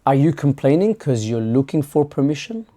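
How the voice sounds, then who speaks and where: In a mid-range voice with wide pitch swings, this channel host speaks at normal speed with a dark tone. His reflective monologue includes imagined exchanges that he performs conversationally.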